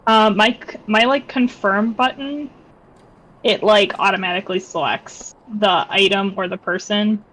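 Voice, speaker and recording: A woman's voice: medium pitch, a little slow, fairly bright tone, poor audio. A woman chatting casually as a co-op gaming partner, playful and giggly. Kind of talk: casual chat while gaming. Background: faint game music.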